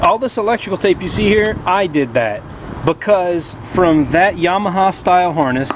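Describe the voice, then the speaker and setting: Holding the camera in one hand, a motorcycle vlogger with a fairly high voice works one-handed while joking through a casual how-to. He's chatty throughout, though the audio is poor with a slight hiss or hum.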